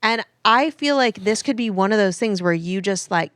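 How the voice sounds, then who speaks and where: Woman, podcast co-host, teasing chatty banter, mid pitch, dry close sound. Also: expressive, normal speed, a bit bright, clean tone, no echo. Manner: teasing, chatty, filler-heavy. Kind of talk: casual comedic banter.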